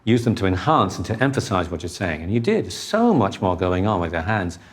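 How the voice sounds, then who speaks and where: A man coaching a speaker one-on-one, giving calm, encouraging instructions. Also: deep voice, fairly quick. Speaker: presentation coach.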